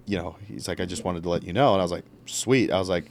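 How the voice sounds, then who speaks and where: A man's voice: deep voice, quick pace, a little hiss or hum. A young man, a podcast guest, telling a story casually and acting out what others said. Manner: animated, acts out quotes.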